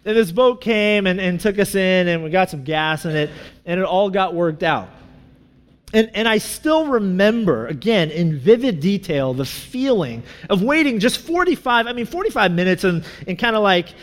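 A man's voice: high-pitched, expressive, moderate pace. A man telling a personal story in a sermon, casual and chatty, full of asides and fillers. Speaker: pastor. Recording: reverberant hall.

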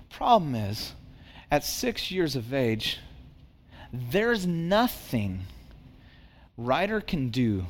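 A man in his thirties preaching a sermon, telling family stories with emphatic repetition and dramatic pauses. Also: medium pitch, very animated, in a large hall. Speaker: pastor.

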